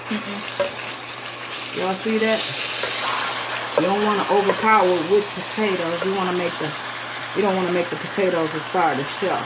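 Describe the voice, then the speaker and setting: A woman's voice: lowish voice, heavy background noise. A middle-aged woman talks casually to viewers while cooking in her home kitchen. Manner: chatty, playful, frequently addresses viewers as y'all. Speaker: cooking vlogger. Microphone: phone. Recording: clear sizzling and stirring in the background.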